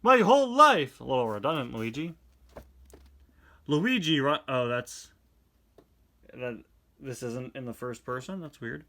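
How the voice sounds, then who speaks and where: A man's voice: mid-range voice, unhurried, pauses often, fairly bright tone. Chatty young man reviewing comics. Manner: chatty, wry asides. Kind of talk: casual read-along commentary.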